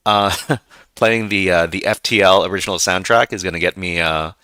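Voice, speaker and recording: A man hosts a casual livestream tutorial in a low, bright and forceful voice. He talks in a loose, conversational way and pokes fun at himself. The sound is dry and close. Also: moderate pace, smooth, dry recording. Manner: loose, conversational and self-deprecating. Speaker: host of a hacking livestream.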